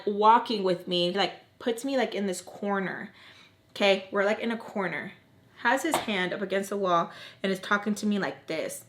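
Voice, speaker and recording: A woman in her thirties casually telling a personal story as a vlogger, chatty and dramatic. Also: mid-range voice. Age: 30s. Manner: chatty and dramatic, leaning on fillers.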